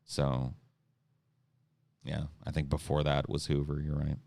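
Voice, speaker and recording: A man on a podcast, ranting about politics, swearing often and mocking others with quick impressions. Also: extremely low pitch, creaky, no echo. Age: adult (an incumbent lost twice in his lifetime). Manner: profane, animated, mocks others with impressions. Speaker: podcast co-host. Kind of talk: heated political podcast rant.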